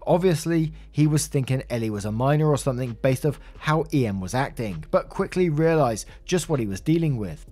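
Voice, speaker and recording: A man's voice: medium pitch, animated, a little fast, hardly any pauses, mellow, faint music behind. A man narrating a Reddit story in a conversational way, adding his own asides.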